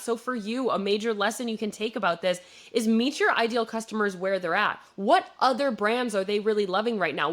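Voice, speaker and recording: A young woman from Wisconsin with a Midwestern accent, hosting a business podcast and explaining marketing in a relaxed, conversational way with plenty of fillers. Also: medium pitch. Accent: Midwestern American. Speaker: podcast host, marketing coach. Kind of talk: solo business podcast commentary.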